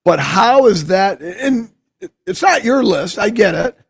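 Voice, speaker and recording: A man's voice: high-pitched, expressive, measured pace, vocal fry, husky, no room sound, clean studio sound. Swearing, self-mocking man. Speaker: podcast co-host. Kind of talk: casual chat.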